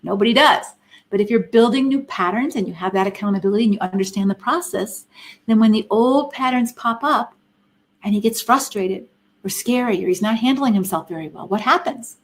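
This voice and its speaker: Woman, middle-aged, live-stream teaching talk, earnest, emphatic, rhetorical questions, middle pitch. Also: brisk. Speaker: Christian counselor and speaker.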